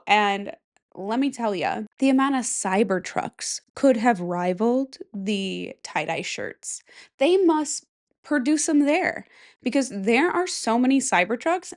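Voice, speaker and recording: A woman's voice: high-pitched, expressive, takes it slowly. A young adult woman hosting a podcast, telling rambling stories in a chatty, giggly way. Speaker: podcast host. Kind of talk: casual chat.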